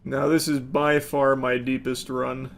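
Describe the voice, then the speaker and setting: A man giving live gaming commentary, breaking into excitable shouted outbursts and profane, self-mocking asides. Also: mid-range voice, unhurried, a little hiss or hum. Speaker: gaming streamer.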